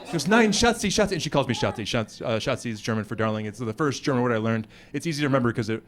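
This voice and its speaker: An American man performing stand-up comedy, animated and acting out other people's voices. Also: medium pitch, racing. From United States. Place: comedy club stage before a live audience.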